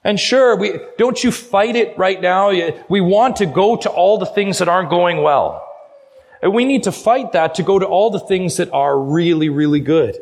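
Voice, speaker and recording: Preaching as a guest pastor, this middle-aged man from Canada speaks at a moderate pace with a slightly raised pitch. His tone is earnest and urging, and he draws out important phrases to give them weight.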